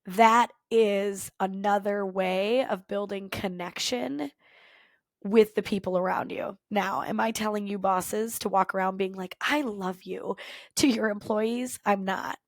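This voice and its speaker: A woman podcast host and culture coach telling a personal story in an earnest, reflective way, with thoughtful pauses. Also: medium pitch, steady tone, no echo, clean studio sound. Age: former teacher, adult.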